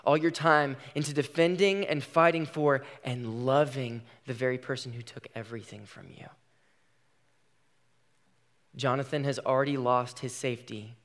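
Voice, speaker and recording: A man's voice: mid-range voice, fairly bright tone. A man preaching a sermon, retelling a story with dramatic, emphatic delivery.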